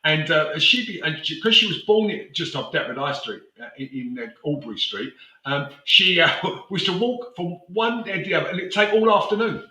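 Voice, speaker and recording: A man's voice: a little high, animated, moderate pace, pushed and bright, echoey room, recorded from a distance, rough recording. An older man with a South London accent, chatting and reminiscing casually as co-host, laughing easily. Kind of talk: casual chat.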